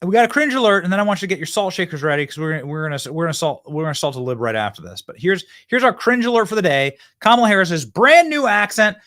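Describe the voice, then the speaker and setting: A man's voice: high-pitched, very animated, fast talker, few pauses, fairly bright tone, no echo, clean studio sound. A man hosting a political commentary show, talking to viewers in an emphatic, fired-up monologue that often repeats itself. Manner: emphatic, repeats himself, addresses viewers directly.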